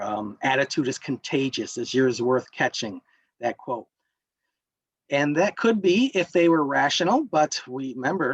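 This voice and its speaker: A man's voice: mid-range voice, no echo, rough recording. A man leading an interactive wellness workshop, lecturing and putting questions to the group. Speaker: workshop instructor.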